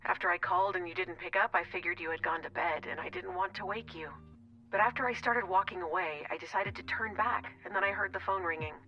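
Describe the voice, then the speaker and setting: A woman voicing a calm, deep-voiced male surgeon who speaks low and softly with dry teasing. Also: brisk, highs cut off, soft background music, lightly acted.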